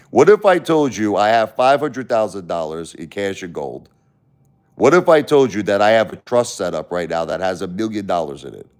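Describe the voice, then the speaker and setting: A man's voice: fairly low pitch, darkish tone. A man hosting a casual livestream, talking bluntly and repetitively to his chat, confronting viewers by name. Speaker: livestream host.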